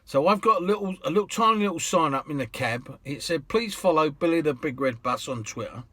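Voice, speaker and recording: A man's voice: a little high, animated, fairly quick, sharp tone, no room sound. A man with a British accent, a cab driver telling casual anecdotes in a chatty, rambling way. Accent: British English. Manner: chatty, rambling, with restarts and laughs.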